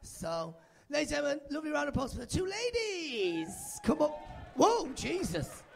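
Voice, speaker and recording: A man's voice: extremely high pitch, huge pitch swings, moderate pace, creaky. A man doing live stand-up on a club stage, teasing the crowd in chatty, playful banter into a handheld mic. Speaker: stand-up comedian.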